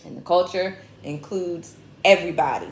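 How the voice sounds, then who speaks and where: A woman's voice: lowish voice, moderate pace, slight background noise. A woman with a Southern US accent hosting a casual comedy talk show, joking and speaking with conviction. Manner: animated, joking, preachy asides. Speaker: host. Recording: echoey room.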